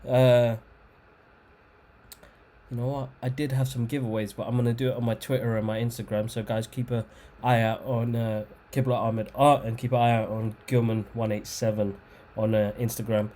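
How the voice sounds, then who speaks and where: A man's voice: mid-range voice, flat delivery, moderate pace, mellow, a little hiss or hum. Laid-back male podcast host. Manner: laid-back, brief replies, plugs socials. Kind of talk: casual podcast chat.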